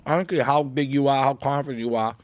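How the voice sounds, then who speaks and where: A man with a thick Boston accent chats as a podcast guest and spins animated, boastful stories with a wink in them. His voice sits at a middle pitch. The studio sound is dry and close. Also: fast talker, no echo. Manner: animated storyteller, jokey and boastful. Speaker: guest comedian. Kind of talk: casual podcast chat.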